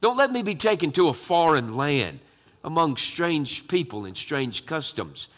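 Young man begging for mercy, desperate, pleading, a preacher acting him out with a lively rising and falling voice. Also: on the high side, measured pace.

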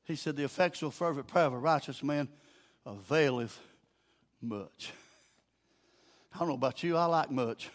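An older Southern preacher tells folksy stories from the pulpit, sinking into low, quiet passages before climbing to shouts. He talks fast, with hardly any pauses.

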